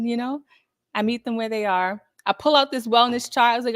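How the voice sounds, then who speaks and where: A woman's voice: fairly high pitch, fairly quick, a bit bright, dry recording. Upbeat woman therapist, dry close sound. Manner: conversational, upbeat, acts out quoted thoughts. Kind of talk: casual self-help talk.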